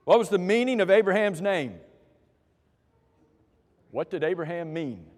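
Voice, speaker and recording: A man's voice: sits high, animated, unhurried, a little mellow, big-room sound. A man leading a church class through quiz questions, joking with the people who answer and calling on them by name. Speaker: Bible class teacher.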